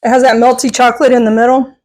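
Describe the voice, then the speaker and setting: A woman's voice: a little high, flat delivery, fast talker, a little mellow, poor audio. A middle-aged woman, chatting casually to camera at home on a clip-on mic, rambling and laughing often. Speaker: vlogger. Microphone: clip-on microphone.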